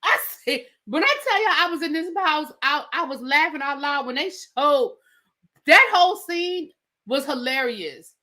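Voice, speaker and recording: A woman's voice: sits high, unhurried. A woman reviewing a reality show in a casual, slangy recap, acting out what the cast said. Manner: animated storyteller acting out quotes, slangy asides.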